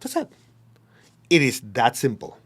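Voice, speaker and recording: A man's voice: mid-range voice, wildly swooping pitch, unhurried, breathy edge. A man giving a spiritual talk, blunt and emphatic, often acting out the people he quotes. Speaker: spiritual teacher. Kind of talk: dharma talk.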